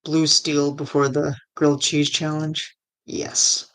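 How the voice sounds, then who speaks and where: An adult livestream host chatting casually with viewers, enthusiastic and quick to giggle. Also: mid-range voice, monotone, fairly bright tone.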